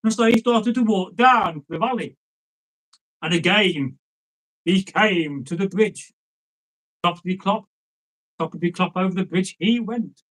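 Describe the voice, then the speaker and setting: Man storyteller, casual folk tales, chatty and rambling, fairly high-pitched. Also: measured pace, long pauses, a bit bright, poor audio. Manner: rambling, chatty asides, lots of fillers. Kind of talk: casual folk tale telling.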